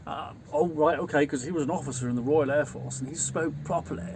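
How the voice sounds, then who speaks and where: Scouse man, co-host, higher-pitched, banters and does accents, faint noise. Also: fast talker, creaky. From Liverpool. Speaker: co-host of a chat stream. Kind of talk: casual chat. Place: outdoors at sunset.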